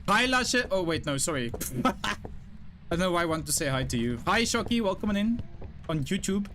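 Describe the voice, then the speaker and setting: A man's voice: high voice, sing-song, fairly bright tone, a little hiss or hum. Chatty young man streaming a game. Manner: chatty, talks to chat, quick asides and laughs. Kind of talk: casual live-stream chat while gaming.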